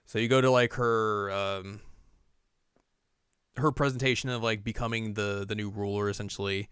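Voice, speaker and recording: A podcast co-host with a lowish, slightly bright, clean voice speaks flatly at a normal pace. He casually recaps a game story, rambling with plenty of "like" and laughs while acting out the characters. The studio recording is clean with no echo.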